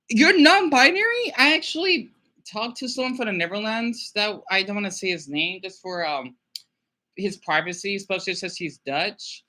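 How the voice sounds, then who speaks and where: A man's voice: high-pitched, animated, normal speed, bright, forceful tone. A man chatting casually on a video call through a laptop mic, rambling, with many restarts and trailing thoughts. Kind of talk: casual chat. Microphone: laptop microphone.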